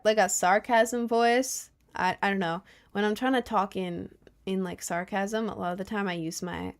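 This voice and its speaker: A young woman streamer chats casually with her viewers and reads their messages aloud. She rambles, fills her sentences with filler words and laughs often. Her voice sits at an ordinary, mid-range pitch.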